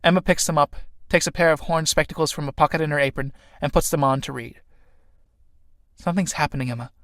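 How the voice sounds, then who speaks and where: A man narrating the stage directions of a play in an audiobook, in an even reading voice. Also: on the high side, fast talker, no echo, clean studio sound.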